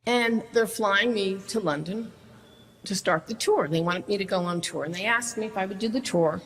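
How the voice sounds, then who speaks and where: A woman singer-songwriter telling a personal story in an excitable, animated way, with many stumbling restarts. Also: medium pitch, normal speed, big-room sound, a little hiss or hum, rough recording.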